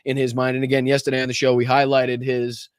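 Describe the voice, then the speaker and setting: A man's voice: medium pitch, monotone, fast talker, clean tone, dry recording, clean studio sound. A man hosting a casual political livestream, talking with lots of ums and uhs and greeting viewers in the chat by name. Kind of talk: casual live-stream commentary.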